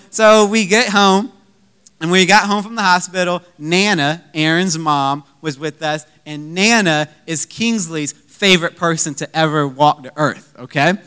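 A young man preaches with a bright, ringing tone and a smooth, clear voice. He tells a story with humor, acting out his own lines with bursts of energy. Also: high-pitched. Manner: animated, humorous, acts out own quoted lines. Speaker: pastor. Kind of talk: sermon storytelling.

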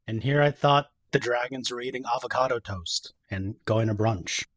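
A man's voice: mid-range voice, normal speed, fairly bright tone. A man co-hosting a podcast, making joking, wry asides in casual banter. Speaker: podcast co-host.

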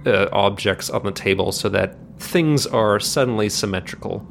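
A man narrating a tabletop game as game master, descriptive and halting, with many fillers. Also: lowish voice, gravelly, a little hiss or hum.

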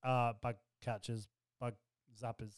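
A man's voice: medium pitch, little pitch movement, measured pace, clear, resonant tone. A man co-hosts a casual podcast, tossing in puns and teasing jokes between his co-host's stories. His voice is dry and close to the mic, with no room echo. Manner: jokey, throws in puns. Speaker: podcast co-host. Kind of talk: casual chat.

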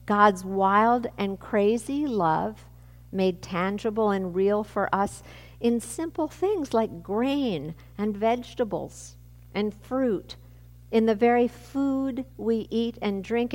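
A woman pastor giving a sermon with a measured, reflective delivery. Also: medium pitch, big-room sound.

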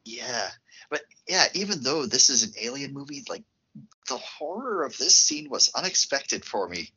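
A man co-hosting a podcast, chatting casually about films in an expressive, reactive way. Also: medium pitch, breathy edge. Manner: expressive and reactive, quick asides. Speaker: podcast co-host. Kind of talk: casual film discussion. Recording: slightly muffled lo-fi podcast audio.

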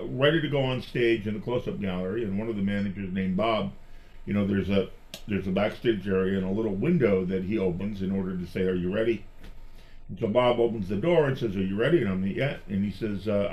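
A middle-aged man, a magician guest, telling personal stories in a chatty, animated way and often restarting his phrases. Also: on the low side, fairly quick. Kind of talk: personal storytelling in conversation.

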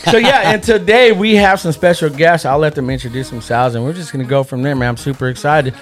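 A man's voice: a little high, fast, faint music behind. A man from California's Central Valley hosting a casual podcast chat, upbeat and joking, laughing often. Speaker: podcast host.

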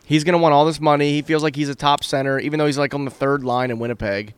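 A man's voice: a little high, fairly even intonation, quick pace, clear, resonant tone. A tipsy man co-hosting a casual hockey podcast, blunt and full of swearing. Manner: profane, blunt. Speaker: podcast co-host. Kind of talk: drunk casual hockey chat.

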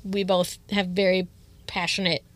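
A young woman co-hosting a radio show, talking casually and softly with lots of fillers. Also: lowish voice, little pitch movement, measured pace, no echo. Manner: soft-spoken, trailing off, many fillers. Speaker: radio co-host.

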